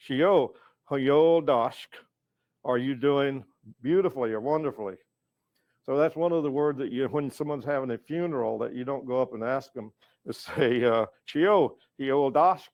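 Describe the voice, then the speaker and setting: An older man from North Carolina giving a language lesson, patient and slow, repeating each word so the learner can follow. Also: medium pitch, highs cut off. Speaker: educator and storyteller.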